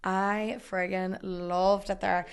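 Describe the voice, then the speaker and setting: A woman's voice: medium pitch, level tone, slow pace, clear, resonant tone. A young Irish woman chatting as a podcast guest, rambling and full of fillers. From Ireland. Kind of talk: casual chat.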